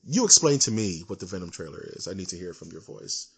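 A man co-hosting a casual podcast, ranting in an animated, emphatic way. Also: low voice, fast, slightly rough. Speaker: podcast co-host. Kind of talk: casual chat.

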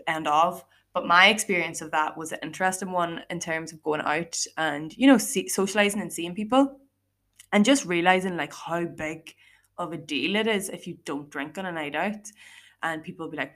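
Chatty Irish woman, slightly low voice. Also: brisk, a bit bright. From Ireland. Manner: chatty, lots of fillers and quoted asides. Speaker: podcast host. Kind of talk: casual solo podcast monologue.

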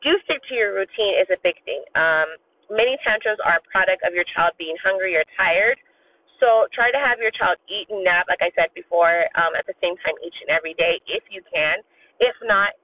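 Mom giving earnest parenting advice, a touch hoarse, lots of ums, thin phone-like audio. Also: female voice, medium pitch, distant mic, a little hiss or hum. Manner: earnest, direct, many filler ums. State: slightly hoarse. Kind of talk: casual advice talk. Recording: tinny phone-like sound.

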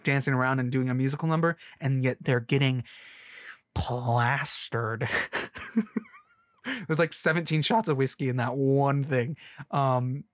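A man's voice: medium pitch, dry recording, clean studio sound. A young man ranting casually about a movie, rambling and sarcastic, with many restarts. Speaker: movie reviewer.

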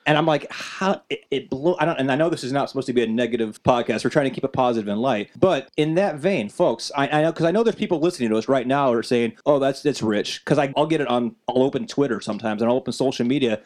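A man's voice: medium pitch, a little mellow. Earnest man podcast co-host. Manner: reads scripture slowly and earnestly; fervent, talks in restarts when worked up. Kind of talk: casual faith podcast chat.

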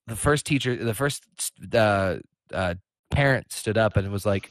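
A man's voice: lowish voice, moderate pace, dry recording. A man co-hosting a podcast, telling a story in loose casual chat. He swears a lot and stumbles through restarts as he rambles on. His voice sits dry and close, with no room around it. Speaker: podcast co-host.

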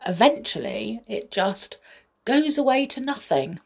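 A woman's voice: a little high, sing-song, unhurried, vocal fry, breathy edge. A woman reading a children's story aloud, a mother, adding chatty hesitant asides afterwards. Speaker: storyteller, parent.

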